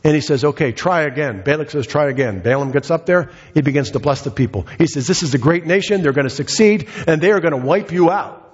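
A man's voice: on the high side, fast talker, hardly any pauses, husky. A man preaching a sermon, retelling a scripture story in a conversational, storytelling way. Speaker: pastor. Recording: dull sound with long hall reverb.

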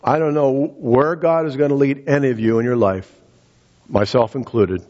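A man preaching a sermon as pastor, earnest, repeating words and rising in pitch for emphasis. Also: normal speed, a little mellow, highs cut off.

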